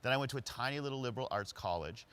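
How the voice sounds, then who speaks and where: A man's voice: medium pitch, lively intonation, racing, a bit bright, close to an everyday voice. A man voicing an earnest young man raised on a farm who is new to the city, in a plain retelling.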